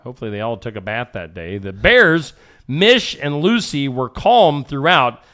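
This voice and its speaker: A man's voice: mid-range voice, very animated, moderate pace, fairly bright tone. A man hosting a casual morning show, reading odd news stories in a joking way. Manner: jokey, reads odd news stories and puts on silly voices. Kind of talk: casual radio show banter.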